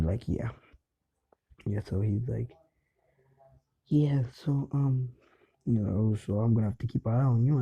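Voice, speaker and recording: A man casually retelling a fan story off the cuff, rambling and hesitant, with lots of fillers and restarts. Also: medium pitch. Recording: dull lo-fi home recording.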